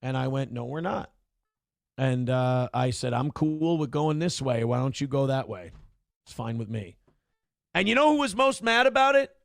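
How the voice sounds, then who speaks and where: A man's voice: mid-range voice, very animated, moderate pace, creaky, fairly bright tone, no echo, studio quality. A middle-aged man hosting a casual livestream, reading out chat comments and talking candidly in a rambling way, with many restarts.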